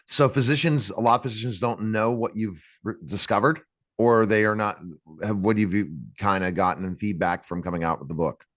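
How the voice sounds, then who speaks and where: A man's voice: on the low side, fairly quick, a bit bright, no room sound. A man hosting his own interview show, asking chatty, rambling questions in a casual way. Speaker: show host.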